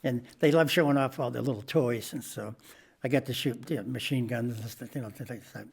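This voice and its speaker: A man's voice: medium pitch, fairly quick, gravelly, slightly rough. An older man, a comedian guest, telling anecdotes in a podcast interview and acting out the people in them. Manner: animated anecdote teller who acts out voices.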